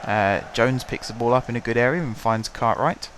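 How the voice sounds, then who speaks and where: Hoarse guy calling a football sim. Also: medium pitch, normal speed, noisy background. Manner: chatty, wry, calls the match play by play. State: hoarse from shouting. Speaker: gaming channel host. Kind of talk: casual let's-play commentary.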